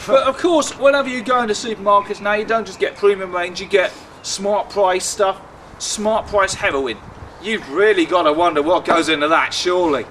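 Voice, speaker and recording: A young man with a southern English accent delivers a stand-up set in a high, chatty voice. He is sardonic and drags out his punchlines. It was recorded outdoors with a faint hum of traffic behind him. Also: moderate pace, fairly bright tone. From Luton, England. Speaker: stand-up comedian. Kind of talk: stand-up routine. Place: outdoors in a city. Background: faint outdoor ambience and traffic.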